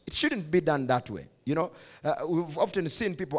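A man's voice: fairly high pitch, sing-song, moderate pace. A man with a Ugandan accent, preaching a youth sermon as pastor, emphatic and repeating key phrases. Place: church hall.

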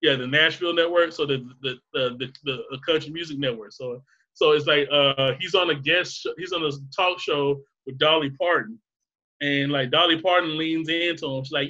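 A man's voice: on the high side, steady tone, moderate pace, sharp tone, highs cut off. A man rambling through a casual chat, laughing often and swearing freely.

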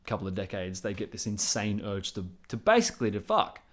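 A man in his thirties, a podcast guest, chatting casually with rambling, profane, animated storytelling. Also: on the low side, fairly quick. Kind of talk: casual chat.

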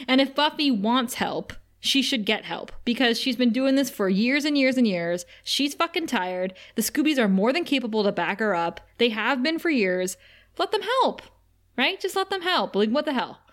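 A woman's voice: fairly high pitch, animated, normal speed. A woman co-hosting a podcast, retelling scenes in casual chat and laughing often. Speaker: podcast co-host.

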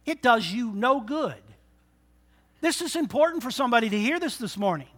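Bright-voiced preacher man, dramatic swings. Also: very high-pitched, big pitch swings, moderate pace. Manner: swings from quiet intimate talk to loud exhortation; acts out voices of people in his stories. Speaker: pastor. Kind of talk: sermon.

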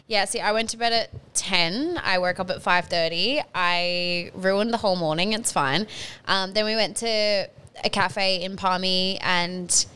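Young aussie or kiwi woman on a podcast, smooth clear voice, blunt and sweary. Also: medium pitch, unhurried, pushed and bright. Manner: candid, swears freely, ranting. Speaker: podcast co-host. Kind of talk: casual chat.

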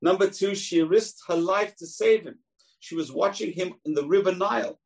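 A man's voice: sits high, moderate pace, creaky, breathy edge, poor audio. A man teaching a Torah lesson as a rabbi, telling stories and acting out the voices in them. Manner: animated teller, acts out quoted voices.

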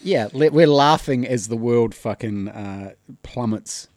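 A man co-hosting a casual podcast, cutting in with short, wry asides. His voice is at a middle pitch. The recording is dry and close. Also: a little slow, a little mellow, no echo. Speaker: podcast co-host. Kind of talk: casual chat.

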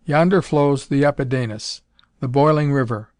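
A man's voice: mid-range voice, moderate pace, darkish tone, no echo, studio quality, lightly acted. A man voicing a solemn formal warrior guide. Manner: formal archaic speech.

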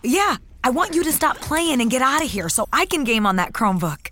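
This is a bossy young woman in a radio-style ad, high-pitched with a swooping, lively voice. She sounds pushy and teasing, and there is a faint hum of room ambience behind her. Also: brisk, full character voice. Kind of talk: scripted ad dialogue.

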